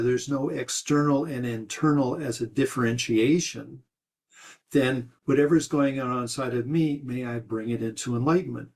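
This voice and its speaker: Male meditation teacher, mid-pitched, rambling, patient dharma talk. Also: a little mellow. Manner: rambling, many restarts and fillers. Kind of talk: dharma talk answering questions.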